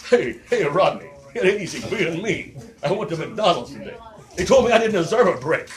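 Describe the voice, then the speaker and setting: A man doing an impression of a put-upon, gruff comedian, loud and punchy as he complains. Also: high voice, very animated, fairly quick. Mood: aggrieved. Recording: noisy crowd around.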